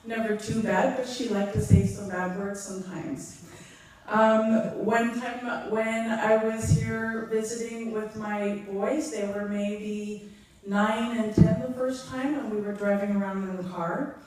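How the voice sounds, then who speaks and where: A middle-aged woman giving a funeral eulogy, halting and heartfelt, with frequent ums. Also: mid-range voice, level tone, a little mellow, a little hiss or hum. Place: large echoey hall. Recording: echoey hall from far off.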